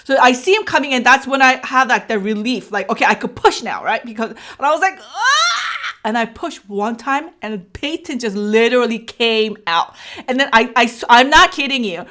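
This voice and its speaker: A high-voiced woman vlogger tells a lively story while eating, speaking at normal speed. She's animated, acting out her own shouts and the lines of other people.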